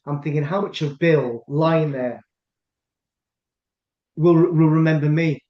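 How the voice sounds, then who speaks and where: A man's voice: a little high, slow pace. A middle-aged man with a Scottish accent, host of a casual chat, telling a long rambling anecdote with lots of restarts. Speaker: podcast host. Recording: echoey room, dull lo-fi sound.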